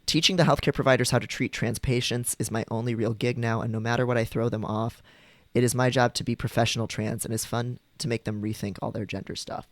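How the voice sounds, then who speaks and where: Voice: mid-range voice, fairly even intonation, fast talker, no room sound. A streamer chatting casually with viewers, rambling with frequent ums and likes.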